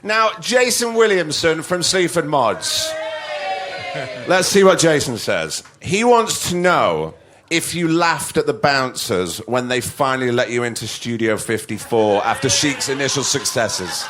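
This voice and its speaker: A man's voice: mid-range voice, very animated, a little slow, noisy background. Amused man hosting. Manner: chatty and amused, laughs along. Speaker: podcast host. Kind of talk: reading listener questions.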